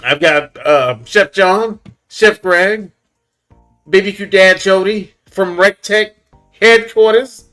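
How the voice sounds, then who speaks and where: A man hosting a casual barbecue livestream, chatting loosely with viewers and giving shout-outs. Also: high voice, slow pace, soft background music. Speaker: livestream host.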